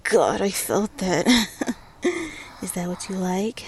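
A woman playing a commanding lover in an erotic audio role-play, breathy and often whispering, giving slow, coaxing directions. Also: medium pitch, big pitch swings, slight background noise, exaggerated voice. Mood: sultry.

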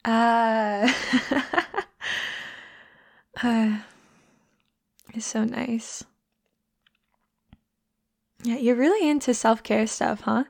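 Whispered role-play: a woman playing a teasing young friend, unhurried and a little gravelly. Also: fairly high pitch, fairly even intonation, no echo, clean studio sound, exaggerated voice. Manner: soft teasing whispers and giggles.

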